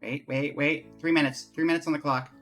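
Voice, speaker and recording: A chatty man live-streaming a game, rambling loosely with lots of "like" and self-mocking asides. His voice is bright and clear, with faint game music underneath. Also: a little high, steady tone, fairly quick. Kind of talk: casual live-stream chat while playing.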